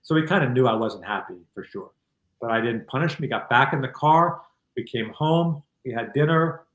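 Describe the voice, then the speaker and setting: A middle-aged man speaks as an interview guest, calm and reflective while he tells a candid story. His voice sits at an ordinary pitch. The call sound is roomy, with a clear echo around him. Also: moderate pace. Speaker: guest author. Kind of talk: conversational storytelling.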